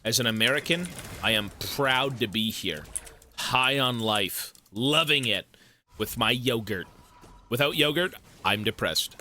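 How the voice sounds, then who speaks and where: A man's voice: on the low side, expressive, a little slow, pushed and bright, slight background noise. A man from Canada streaming a game, chatting casually in a rambling, profane, joking way. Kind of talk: casual chat while gaming.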